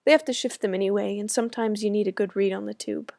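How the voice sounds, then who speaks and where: A woman's voice: medium pitch, fairly even intonation, fast, creaky, a little mellow, no echo, clean studio sound. A young American woman from the States reading her own personal essay aloud with wry, self-mocking humor. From United States. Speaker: student writer.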